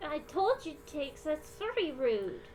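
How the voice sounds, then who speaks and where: High-voiced, teasing woman player. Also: sing-song, measured pace, a little mellow. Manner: teasing, giggly. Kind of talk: casual tabletop game chat.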